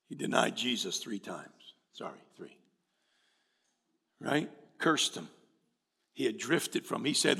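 A man preaching a sermon to a congregation, dropping low and quiet, then building to loud shouts. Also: sing-song, slow pace, gravelly, pauses often, husky. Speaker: pastor. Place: church hall. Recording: reverberant hall with live music behind.

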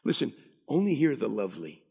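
A middle-aged man preaching a sermon, animated and drawing call-and-response from the congregation. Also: medium pitch, a little fast, vocal fry, breathy edge. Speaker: pastor.

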